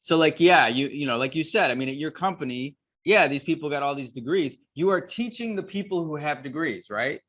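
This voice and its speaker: A man's voice: a little high, lively intonation, a little fast, hardly any pauses, a bit bright. A man hosting an interview, talking emphatically and addressing his listeners as guys. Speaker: host and course creator.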